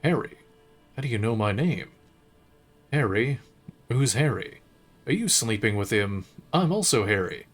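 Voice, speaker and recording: A man voicing a drunk, despairing male detective in his own plain, unhurried voice during a game playthrough. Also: on the low side, lively intonation, soft background music. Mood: desperate.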